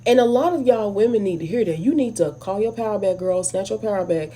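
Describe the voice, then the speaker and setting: Blunt woman with a husky, mellow voice. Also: mid-range voice, fast talker. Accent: African American English. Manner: blunt, animated, talks straight to viewers. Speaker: video host. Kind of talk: casual opinionated movie review.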